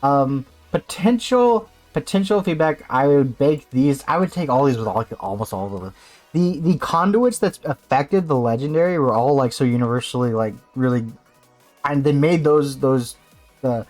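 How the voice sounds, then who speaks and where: Excitable man reacting live on stream. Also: mid-range voice, moderate pace, faint music behind. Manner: excitable, swings into loud mock rants.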